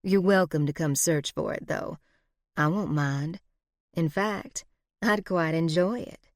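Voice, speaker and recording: A woman voicing a scheming, flirtatious frontier woman outlaw with a slow, purring, teasing drawl. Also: low-pitched, dry recording, clean studio sound. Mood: sly.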